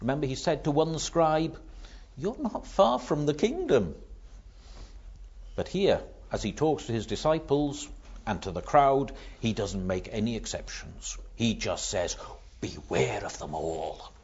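A man delivers a sermon at an unhurried pace, his pitch rising and falling with real animation. His voice has a husky edge, and he explains things patiently, throwing in rhetorical questions along the way. The recording sounds dull and lo-fi. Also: very animated, darkish tone. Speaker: preacher.

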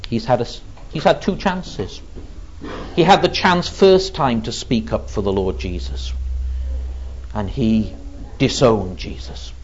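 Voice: mid-range voice, measured pace, pauses often, a little hiss or hum. A preacher giving a sermon, retelling a story in an earnest, vivid way, on a dull lo-fi recording.

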